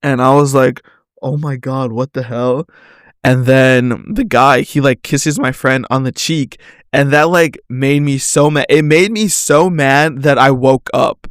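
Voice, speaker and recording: A man's voice: mid-range voice, fairly even intonation, a little slow, clean tone, dry recording, studio quality. A young man hosting a solo podcast, rambling casually through a story with lots of slang and "like" fillers, often laughing at himself. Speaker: podcast host.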